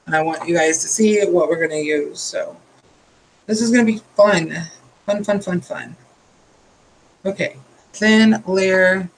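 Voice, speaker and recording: A man's voice: high voice, unhurried, long pauses, slight background noise, poor audio. A tired man hosting a nail art tutorial, chatting casually and drifting into rambling asides while he works.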